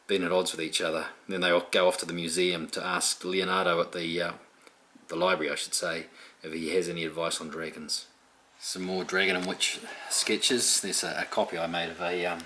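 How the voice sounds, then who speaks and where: A male illustrator chatting casually as he walks through his sketches and book ideas. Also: deep voice. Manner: relaxed, chatty, explanatory. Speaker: illustrator presenting his work. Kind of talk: casual tutorial talk.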